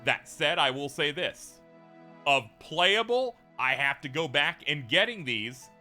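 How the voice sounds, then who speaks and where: Lively, sharp-voiced gaming commentator man. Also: fairly high pitch, measured pace, faint music behind. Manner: animated, profane, laughing asides. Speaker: let's play host. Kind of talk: video game commentary.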